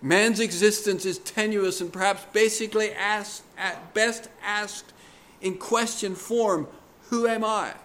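A man delivers a sermon at an unhurried, measured pace, letting each phrase land. His voice sits a little higher than most men's. He speaks earnestly and leans on the words he wants remembered. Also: steady tone, a bit bright. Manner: slow, deliberate and earnest, pressing key words. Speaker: preacher.

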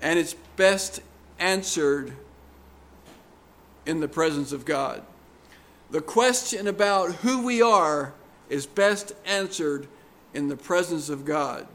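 A man preaching a sermon in a deliberate, earnest way, pressing hard on key words. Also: on the high side, lively intonation, a bit bright.

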